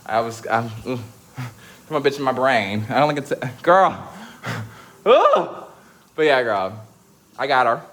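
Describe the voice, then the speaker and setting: A young man chatting casually to his viewers, sassy and slangy, breaking into laughs and high squeals. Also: a bit bright. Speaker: vlogger.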